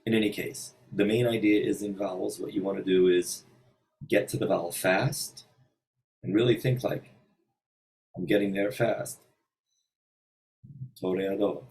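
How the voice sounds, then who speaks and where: A man giving an informal singing lesson in a hotel room, thinking aloud with many pauses and breaking into short sung examples. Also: lowish voice, steady tone, a little mellow, far from the mic, rough recording. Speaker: voice teacher.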